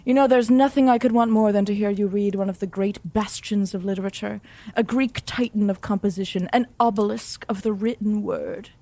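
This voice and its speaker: A woman's voice: medium pitch, fairly even intonation, brisk, natural voice. A woman doing a purring, suave old professor. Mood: seductive. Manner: soft, purring and seductive. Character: suave older British male literature professor.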